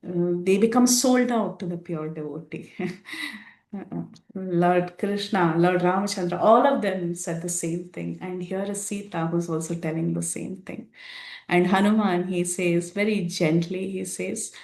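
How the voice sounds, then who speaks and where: A woman's voice: on the low side, fairly even intonation, vocal fry. Woman retelling scripture in an echoey room. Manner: warm, unhurried retelling with many fillers. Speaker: scripture teacher. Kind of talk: devotional storytelling class. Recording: roomy echo.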